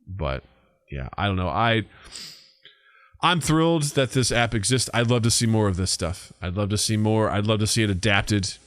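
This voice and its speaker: A man in his thirties with a fairly low voice, speaking at normal speed, co-hosts a podcast in a dry, clean studio recording. He tells stories casually and animatedly, acting out people's voices and swearing freely.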